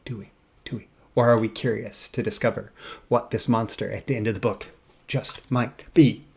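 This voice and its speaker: A man's voice: lowish voice, steady tone, normal speed, creaky, husky. A man hosting a video about copywriting, talking casually to camera, rambling and hesitant, with many fillers and restarts.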